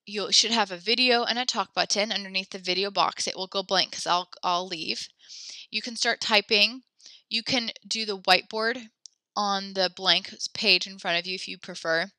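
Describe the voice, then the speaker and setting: A woman's voice: mid-range voice, steady tone, moderate pace, bright, forceful tone, no echo. A woman teaching a French class online, chatty and encouraging, with many fillers as she explains tasks. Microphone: computer mic in a video class.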